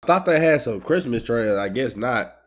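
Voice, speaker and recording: A young gaming streamer gives casual commentary as he plays, trash-talking his opponents with plenty of profanity and breaking into quick bursts of excitement. His voice is medium in pitch, with heavy background noise.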